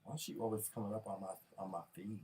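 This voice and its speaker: A man from North Carolina co-hosting a casual chat show, talking in a playful, teasing, animated way. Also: fairly low pitch, fast, recorded from a distance. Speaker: co-host.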